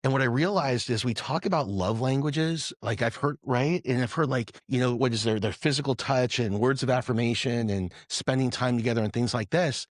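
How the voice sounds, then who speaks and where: A man's voice: mid-range voice, a little fast, hardly any pauses, no echo, clean studio sound. A man on a podcast panel, a father, telling a personal story in an earnest, reflective way. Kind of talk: personal anecdote in conversation.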